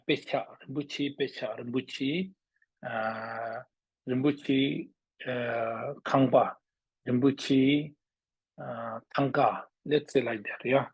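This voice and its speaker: A husky-voiced man from Bhutan leads a language lesson in halting English, often repeating words and sounding out syllables for his students. The sound is dry and close, with no room around it. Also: medium pitch, a little mellow, dry recording, poor audio. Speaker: teacher.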